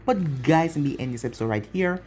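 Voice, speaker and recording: A man's voice: a little high, a little fast, a little hiss or hum. A man casually reading a fan-made story aloud and signing off with channel plugs. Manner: animated, sign-off plugging. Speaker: fan-fiction narrator.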